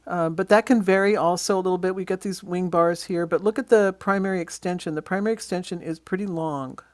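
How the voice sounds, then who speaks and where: A birding instructor giving a casual slide-show lesson on bird identification, pointing out features in photos and often pausing with ums and uhs. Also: mid-range voice, fairly even intonation, dry recording. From Western Washington.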